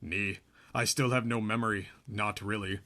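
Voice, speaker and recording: A man reading the part of a young Amish man who has lost his memory, speaking hesitantly and low. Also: fairly even intonation, normal speed, bright, forceful tone. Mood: troubled.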